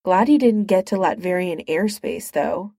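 A woman reading the lines of a quick-witted, flirtatious male inventor flying a plane, in a wry, teasing way. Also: fairly low pitch, vocal fry, mellow, no echo, clean studio sound. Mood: bantering.

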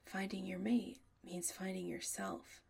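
A woman voicing a relaxed young male werewolf in audiobook dialogue, soft and easygoing. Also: mid-range voice, unhurried, gravelly, slightly rough, heavily acted.

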